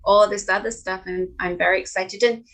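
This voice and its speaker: A woman talking as a podcast guest, her voice mid-pitched. She speaks earnestly and hesitantly, often breaking off and restarting her sentences. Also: steady tone, fairly quick, a bit bright, rough recording. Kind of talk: casual chat.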